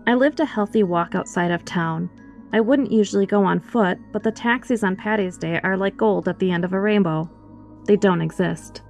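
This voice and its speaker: A woman reading a first-person horror story aloud in an expressive, scripted storytelling voice, with faint music behind her. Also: mid-range voice, normal speed.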